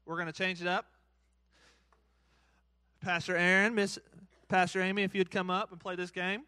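A man's voice: sits high, little pitch movement, normal speed, sharp tone, clear, resonant tone, dry recording. A man hosting a live church game for kids and a crowd, playful and hyped, cheering countdowns and teasing the players. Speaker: children's church game host. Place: church hall.

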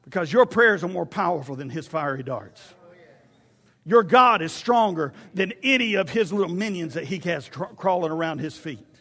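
A male pastor preaching a fervent sermon that swings from loud to hushed. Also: high voice, lively intonation, moderate pace, big-room sound.

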